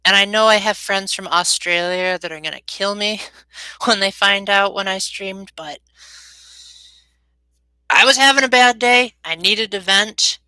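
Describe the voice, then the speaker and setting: A woman's voice: medium pitch, unhurried, pushed and bright, smooth, no room sound, poor audio. A young woman chatting casually with viewers on a live stream, rambling with many ums and often losing her train of thought.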